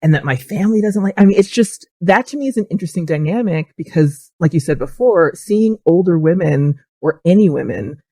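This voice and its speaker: A woman's voice: fairly low pitch, expressive, a little fast, few pauses, mellow, no room sound. A woman guest on a podcast in casual chat, opinionated and emphatic, often laughing.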